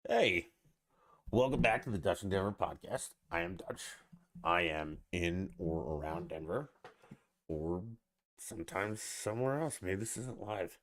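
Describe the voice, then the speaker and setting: Blunt, cursing deep-voiced podcast host. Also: male voice, lively intonation, a little slow, fairly bright tone. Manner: blunt, profane and irritated. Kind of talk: casual solo podcast rant.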